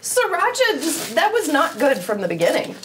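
A woman's voice: high-pitched, wildly swooping pitch, normal speed, background noise. A woman hosting a casual taste-test video, teasing and dramatically complaining. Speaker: candy store video host.

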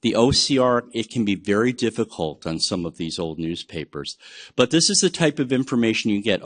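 A man from the United States leads a genealogy webinar in an easygoing, enthusiastic way. His voice sits a little low, and he talks freely with plenty of fillers. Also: expressive, a little fast. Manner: chatty, enthusiastic, with frequent fillers. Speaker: genealogy presenter. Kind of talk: webinar lecture on research methods.

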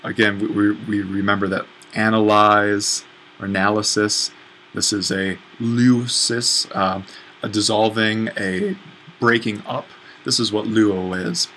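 A man's voice: fairly low pitch, level tone, measured pace, sharp tone, slight background noise, rough recording. A man teaching a language lesson at a whiteboard, explaining patiently and correcting himself as he writes. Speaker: Greek instructor.

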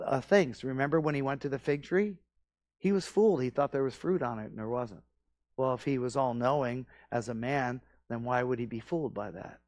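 A man's voice: on the high side, no echo. Man preaching in a dry room. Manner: conversational preaching with rising emphatic repetitions. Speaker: pastor. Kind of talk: expository sermon. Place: church sanctuary.

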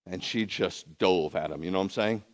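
Lower-voiced man preaching a sermon. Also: a little fast. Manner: animated, rhetorical questions, conversational asides. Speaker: rabbi.

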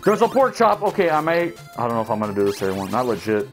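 A young man narrates his own retro gameplay, cursing at enemies and chatting to viewers. His pitch swings widely, leaping up when he panics or cheers. Faint game music plays underneath. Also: big pitch swings, racing. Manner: swears and shouts at enemies, talks to viewers. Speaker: let's play gamer. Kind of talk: casual gameplay commentary.

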